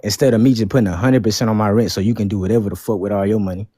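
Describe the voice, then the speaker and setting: A man's voice: fairly low pitch, fairly even intonation, rapid-fire, dark tone, no room sound, studio quality. A young man arguing defiantly and with heavy profanity in a heated debate. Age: young adult. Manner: profane, defiant, talks over others.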